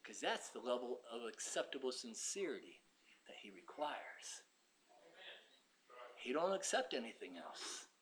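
A man preaching a sermon with passion, swinging from shouted bursts to hushed, quiet stretches. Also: medium pitch, very animated, normal speed, few pauses.

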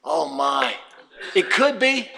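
Guy preaching, super high sharp voice, reads verses then pushes hard on the points. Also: sing-song, takes it slowly, gravelly. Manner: reads scripture aloud, rising to emphatic calls. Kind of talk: sermon.

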